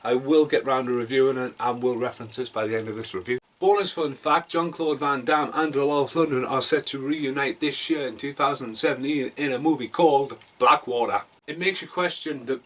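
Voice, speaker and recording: A man's voice: mid-range voice, fairly bright tone. A man from Britain reviewing a movie casually, rambling and self-deprecating, with jokey asides and mumbled mutters.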